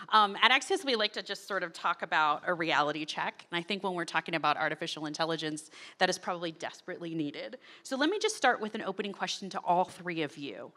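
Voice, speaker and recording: A woman's voice: fairly low pitch, lively intonation, quick pace, hardly any pauses, pushed and bright. A woman moderating a conference panel on stage, chatty, with frequent ums and small laughs. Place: conference stage before an audience.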